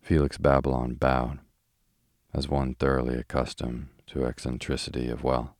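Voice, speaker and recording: Brief: male bedtime reader, soothing and monotone, deep voice, dry studio sound. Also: normal speed, no room sound. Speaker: audiobook narrator. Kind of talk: slow sleep-story reading.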